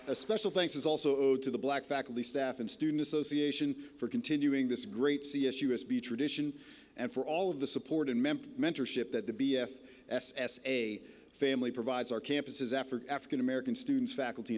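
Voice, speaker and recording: A man addresses a ceremony as a college dean, his voice sitting at an ordinary middle pitch. He talks in a wry, self-deprecating way, padding his phrases with frequent "uh" fillers. A long hall reverb trails every phrase. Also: fairly even intonation, brisk. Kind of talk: ceremony speech.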